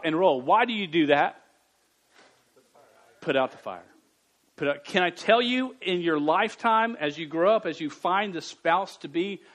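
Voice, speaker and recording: Male preacher, a bit high-pitched, lively youth sermon delivery. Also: low-quality recording. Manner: lively, jumps from quiet reading to loud bursts; stammers on words. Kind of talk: sermon to young people.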